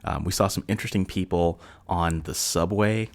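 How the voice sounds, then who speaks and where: A man with a very low, gravelly voice talks through a solo podcast episode. His telling is loose and chatty, full of fillers and restarts, with a chuckle here and there. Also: steady tone, normal speed. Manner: rambling, loose delivery with many fillers and restarts. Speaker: podcast host. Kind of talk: casual solo podcast storytelling.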